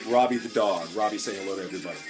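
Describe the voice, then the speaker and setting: A man's voice: low-pitched, rapid-fire, faint music behind. A man hosting a comedy sketch show, rambling and joking in a mock-pompous manner.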